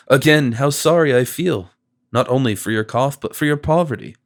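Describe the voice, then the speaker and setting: A smooth-talking stranger with a gentle, flattering voice, full of sympathy that never quite rings true, as a man reads him in an audiobook. He talks at an even, middle pitch. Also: unhurried, lightly acted. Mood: persuasive. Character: smooth, solicitous male stranger, a confidence man.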